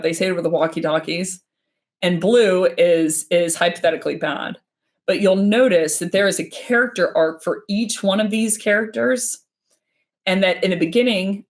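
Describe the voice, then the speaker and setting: A woman talking as a guest on a casual livestream, rambling quickly and often restarting her sentences. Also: fairly low pitch. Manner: fast, rambling, with many restarts. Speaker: guest speaker.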